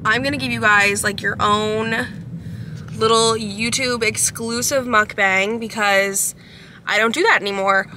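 A woman's voice: fairly high pitch, steady tone, measured pace, bright, forceful tone. A young woman vlogger chatting casually and upbeat to her viewers from a car, full of "like" fillers. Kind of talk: casual vlog chat. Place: in a car at a drive-thru. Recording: car noise in the background.

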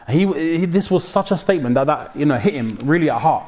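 A young man delivers a mosque sermon. His voice sits a little high and he keeps it conversational, mixing slang into the preaching. He acts out the people he quotes. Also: expressive, quick pace, a little mellow. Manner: code-switches with slang, dramatic quoted voices. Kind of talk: mosque talk.

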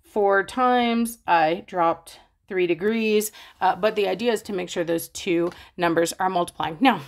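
A woman's voice: fairly low pitch, measured pace. Chatty woman teaching a math lesson. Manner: chatty, playful, talks straight to students. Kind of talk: casual explaining math lesson.

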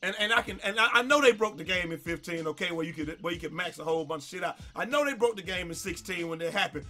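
A man's voice: high voice, fast talker, pushed and bright, soft background music. A man who makes gaming videos, ranting in an exasperated way over gameplay, with stammered repeats and swearing. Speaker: gaming YouTuber.

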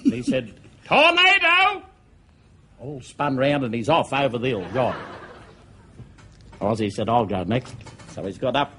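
A man's voice: mid-range voice, normal speed, pauses often. This is an Australian man spinning a yarn at an easy pace, with a mid-range voice. He strings his joke together with one "he said" after another. Faint noise hangs behind the TV studio sound. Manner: easygoing yarn-spinning with many "he said" tags. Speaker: comedian. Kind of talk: stand-up joke telling.

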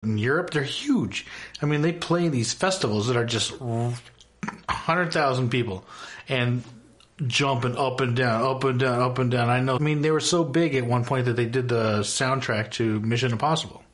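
A man's voice: mid-range voice, moderate pace, a bit bright. A man in a casual, enthusiastic rant, gushing and emphatic, swearing freely. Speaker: YouTuber.

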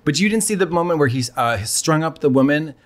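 A man co-hosting a casual comedy chat, campy, with deadpan wisecracks. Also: fairly high pitch, fairly quick. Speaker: co-host.

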